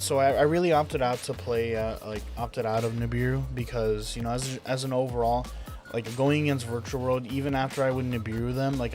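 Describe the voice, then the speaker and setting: A man's voice: mid-range voice, a little mellow. A young man casually talking through a card game deck, enthusiastic and rambling with lots of fillers. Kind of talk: casual deck profile commentary.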